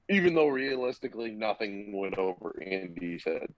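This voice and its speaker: Telling a loose, cursing story as a podcast guest, this young man swings his pitch widely around an ordinary middle range and keeps a moderate pace. He acts out the other characters' lines, and the audio is dull, lo-fi, dry and close.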